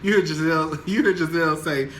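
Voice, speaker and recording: A young man casually recapping a reality TV episode, sassy and animated, laughing often as he gossips. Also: a little high, fast, slight background noise.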